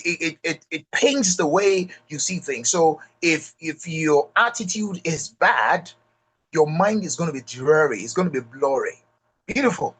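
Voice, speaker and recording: A man's voice: a little high, fairly bright tone, slightly rough. A middle-aged man with a Nigerian accent gives an emphatic motivational talk at a leadership retreat, repeating key lines and speaking straight to the audience.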